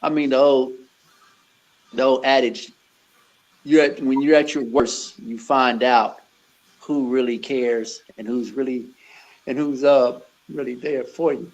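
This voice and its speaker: A man who owns a gym and works as a personal trainer, talking earnestly in an interview with many halting restarts. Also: mid-range voice, fairly even intonation, poor audio. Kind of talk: conversational interview.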